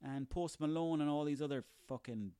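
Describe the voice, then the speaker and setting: A man's voice: fairly high pitch, moderate pace, dark tone, clean tone, dry recording, clean studio sound. An Irish man in his thirties delivering a sarcastic, profanity-laden comic rant on his own. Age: 30s. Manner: profane, sarcastic, ranting, rambling.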